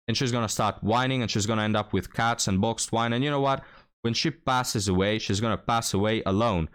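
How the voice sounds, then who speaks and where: A man's voice: lowish voice, fairly quick, clear, resonant tone. A man giving scornful, lecturing reaction commentary on a played clip.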